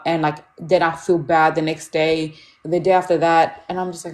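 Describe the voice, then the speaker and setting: Young woman, fairly low voice, candid storyteller, casual parenting chat. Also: fairly even intonation, normal speed, few pauses. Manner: candid, storytelling, acts out quotes. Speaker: mother talking about parenting.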